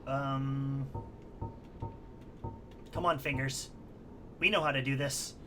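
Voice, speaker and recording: A woman's voice: very deep voice, steady tone, takes it slowly, over music. A woman streamer giving rambling, self-deprecating commentary while she plays a game, laughing often. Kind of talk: casual let's-play commentary.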